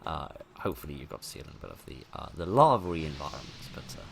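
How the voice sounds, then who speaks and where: A man's voice: very deep voice, very animated, racing, vocal fry, a bit bright, a little hiss or hum. A man giving casual gameplay commentary, chatty and self-deprecating, rambling as he plays. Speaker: let's play host.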